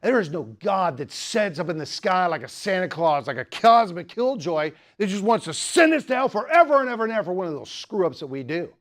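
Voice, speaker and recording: A man's voice: high-pitched, big pitch swings, fairly quick, few pauses, pitched above the performer's own voice. Man doing an angry ranting atheist.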